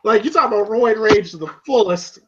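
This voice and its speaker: A man's voice: high-pitched, fairly quick, noisy background. A man casually retelling a film scene on a podcast, laughing and swearing as he goes. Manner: animated, laughing, acts out lines in shouts. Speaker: podcast co-host reviewing a film. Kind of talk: casual profane chat. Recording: dull lo-fi sound.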